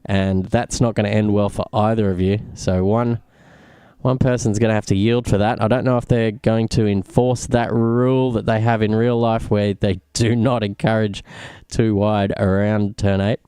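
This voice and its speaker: Smooth-voiced male sim racing commentator. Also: lowish voice, flat delivery, normal speed, warm tone, no room sound, clean studio sound. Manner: explains each corner of the track, upbeat. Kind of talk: live race commentary.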